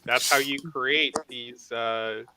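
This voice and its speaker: A man's voice: medium pitch, steady tone, takes it slowly, very noisy. A man chatting casually in a group, thoughtful and hedging his points.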